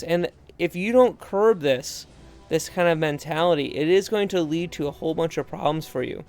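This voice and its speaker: A man with a slightly high, darkish-toned voice and a moderate pace walks referees through game footage. The referee trainer's instructional video commentary is earnest and conversational, packed with asides and restarts.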